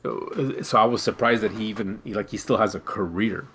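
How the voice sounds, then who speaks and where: A man from Canada with a somewhat low voice co-hosting a casual online talk. He rambles and fills gaps with "uh" and "like". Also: fairly quick, fairly bright tone, slight background noise. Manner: rambling, full of fillers. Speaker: co-host. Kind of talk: casual chat.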